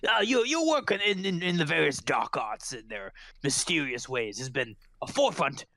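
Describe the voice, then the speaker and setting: Brief: self-important gnome detective, by a man, fussy stop-start delivery, bright voice. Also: fairly high pitch, sing-song, normal speed, exaggerated voice. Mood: pompous. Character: pompous cigar-smoking male gnome detective.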